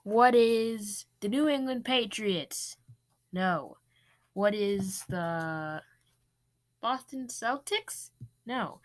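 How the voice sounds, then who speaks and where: A woman's voice: medium pitch, very slow, long pauses. A woman hosting a joke quiz show and playing the contestants herself, in a jokey manner. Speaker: host of a mock quiz show. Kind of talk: comedic sketch, one person playing all contestants.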